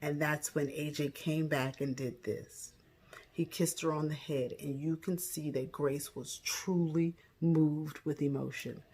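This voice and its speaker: A woman casually recapping a TV episode, outspoken and animated, breaking into loud exclamations. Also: low-pitched, unhurried, husky. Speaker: TV show recap vlogger.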